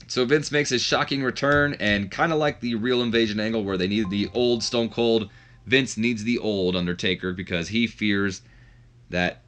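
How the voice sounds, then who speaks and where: A man's voice: lowish voice, normal speed, fairly bright tone. A man narrating a wrestling management game in a chatty, casual commentary style, self-deprecating and often restarting his sentences. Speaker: game streamer. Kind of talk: casual let's-play commentary.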